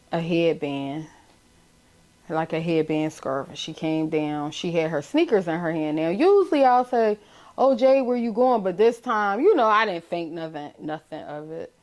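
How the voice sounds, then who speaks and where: A middle-aged woman with a Philadelphia accent, a bereaved mother giving a halting, emotional account in a documentary interview, with many restarts. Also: deep voice, a little mellow.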